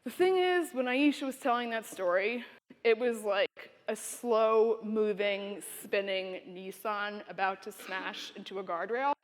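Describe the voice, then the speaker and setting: A woman's voice: medium pitch, a little slow. A woman giving a motivational keynote speech at a university conference, telling stories and speaking directly to the audience. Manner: storytelling, expressive, direct to audience. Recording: long hall reverb.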